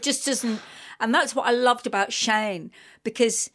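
A middle-aged woman from London, a writer talking as a guest in an interview, earnest and emotional, rushing on in long run-on sentences. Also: fairly high pitch. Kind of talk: radio interview conversation.

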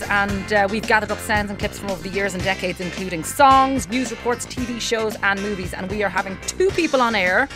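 A woman hosting a radio show, chatting in a relaxed, upbeat way and reading out listener texts. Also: medium pitch. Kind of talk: casual radio chat. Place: radio studio.

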